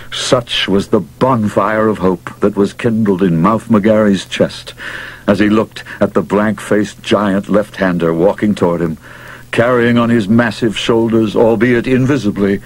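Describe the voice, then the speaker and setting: Husky, low-voiced male story narrator. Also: low-quality recording. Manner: dramatic, expressive reading. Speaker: audiobook narrator.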